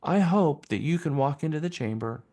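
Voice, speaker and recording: A man's voice: on the high side, expressive, moderate pace, warm tone. A man leading a live sales training session, talking in an enthusiastic, emphatic way and repeating phrases for stress.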